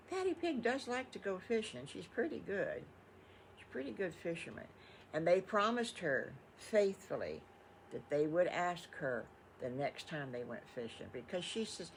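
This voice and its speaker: A woman's voice: on the low side, big pitch swings, moderate pace, slight background noise. An older woman, improvising a children's story in a chatty, rambling way full of fond exclamations. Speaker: storytelling grandmother.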